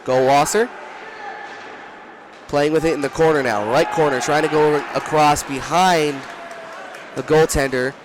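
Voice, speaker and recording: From a broadcast booth at an ice rink, a young commentator delivers rapid live hockey play-by-play over background noise. His voice is a little high with fairly even intonation, rising to shouts during rushes, and he frequently corrects himself.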